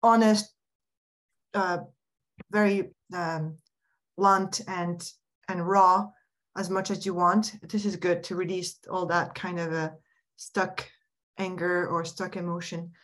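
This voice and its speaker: A woman mindset and happiness coach, a guest on a podcast, talking in a casual, reflective way with frequent restarts and soft laughs. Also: lowish voice, level tone, slow, pauses often.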